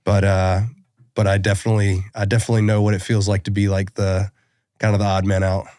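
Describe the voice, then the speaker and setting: A man, a Coast Guard veteran hosting the interview, talking casually in a halting, thoughtful way. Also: lowish voice, completely flat delivery, darkish tone, no echo, studio quality.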